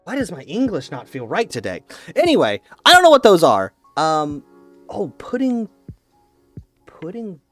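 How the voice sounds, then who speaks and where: A man's voice: fairly high pitch, huge pitch swings, moderate pace, fairly bright tone, no echo, faint music behind. A man ranting casually and with mock certainty, swearing a lot and rambling through restarts. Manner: opinionated, profane, mock-dogmatic. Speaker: YouTuber ranking snacks.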